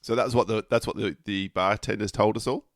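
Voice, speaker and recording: Gravelly man playing a tabletop game. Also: fairly low pitch, steady tone, a little fast. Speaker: player.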